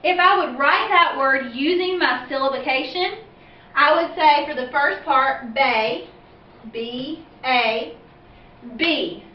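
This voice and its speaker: A woman teaching second grade, explaining reading rules to parents slowly and clearly. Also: high voice. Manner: slow, clear explaining with spelled-out letters. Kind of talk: instructional video for parents. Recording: roomy, distant, dull lo-fi sound with faint hiss.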